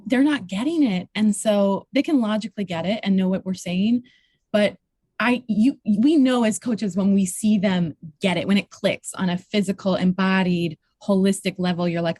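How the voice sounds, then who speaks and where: A woman's voice: medium pitch, normal speed, a little mellow, no room sound. A woman coach speaking as a podcast guest in casual chat, reflective and sometimes searching for her words, with occasional swearing. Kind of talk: casual conversational interview.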